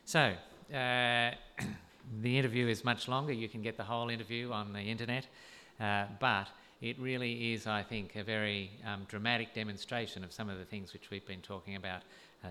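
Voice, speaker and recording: A man giving a sermon-style camp talk, measured and thoughtful with hesitant fillers. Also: lowish voice, pushed and bright, a little hiss or hum. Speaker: camp speaker.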